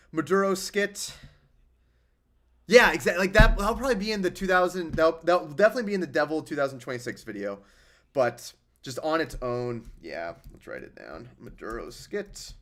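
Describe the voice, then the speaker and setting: A man's voice: mid-range voice, fairly bright tone. A young man hosting a casual livestream, rambling and sarcastic as he answers chat. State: injured hand. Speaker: livestream host.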